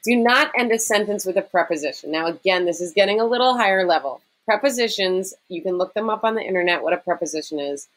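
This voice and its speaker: A woman's voice: mid-range voice, fast, hardly any pauses, poor audio. A woman teacher giving a recorded writing lesson to her students, explaining step by step in a conversational way with frequent "okay" and "um".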